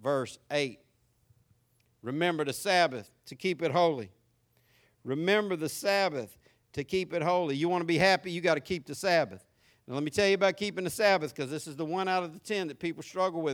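A man's voice: on the high side, fast talker. A man with a Southern US accent preaching a sermon, folksy and emphatic. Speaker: pastor.

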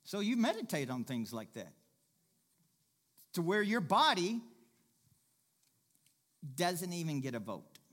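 A man preaching a sermon with a bright, forward tone that sits a little high. He moves from folksy asides to emphatic, raised exhortation, pressing his points to the congregation. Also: very animated, slow pace, long pauses. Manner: emphatic, rising to shouted exhortation.

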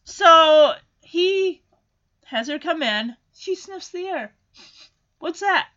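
A woman with a high, bright voice talks through a cartoon episode in casual recap style. She is sarcastic and animated and keeps dropping into quick character voices. The recording sounds a bit dull and lo-fi. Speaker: cartoon reviewer.

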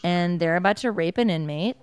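A woman's voice: on the low side, fairly quick, clear, resonant tone. A woman co-hosting a podcast in casual chat; she talks bluntly, swears freely and acts out quoted lines. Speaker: podcast co-host. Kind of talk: casual chat while watching a film.

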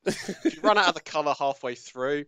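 A man's voice: a little high, lively intonation, moderate pace, a bit bright, smooth, no room sound, clean studio sound. A man in a casual hobby podcast chat, laid-back and self-deprecating. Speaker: podcast guest co-host.

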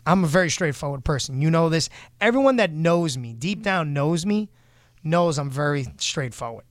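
On a casual podcast, a show host rants bluntly and heatedly, swearing as he vents and mimicking others in put-on voices. His voice is on the high side and expressive, at normal speed, recorded in studio quality without room sound.

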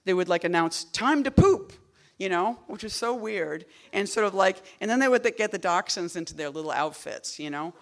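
A woman poet giving a casual talk at a reading series. She wanders off on tangents, fills gaps with "like" and "you know", and drops wry, deadpan asides. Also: lowish voice, brisk, few pauses. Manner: rambling and digressive, full of "like" and "you know".

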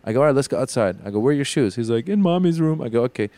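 Brief: male podcast co-host, smooth clear voice, dry close sound, animated storyteller acting out dialogue. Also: medium pitch, very fast, no echo. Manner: animated storytelling, acts out dialogue, many "like" fillers. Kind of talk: casual comedic chat.

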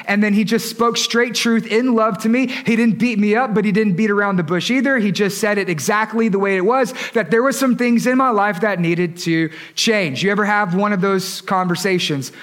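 A man's voice: high voice, moderate pace, few pauses, a bit bright. A pastor in his thirties preaching a sermon in a conversational way, often asking the congregation questions. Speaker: lead pastor.

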